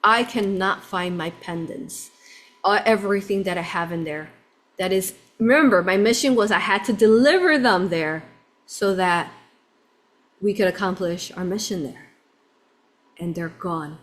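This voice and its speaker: Woman, spiritual channeler, telling a personal story live; expressive, drops to a hush and then rises with excitement. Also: mid-range voice, unhurried. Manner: expressive, swinging between hushed and excited.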